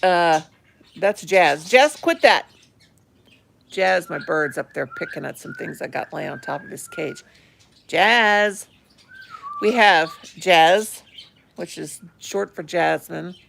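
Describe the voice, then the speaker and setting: Chatty gravelly woman streaming live. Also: lowish voice, takes it slowly, fairly bright tone. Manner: chatty, affectionate, fond of pet talk. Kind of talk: casual live-stream chat. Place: home, indoors. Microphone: phone.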